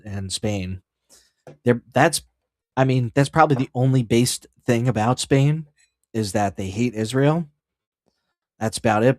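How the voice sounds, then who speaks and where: A man's voice: on the low side, dry recording, clean studio sound. A man hosting a casual livestream, ranting in a profane, rambling way and riffing on headlines he reads aloud. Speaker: streamer host.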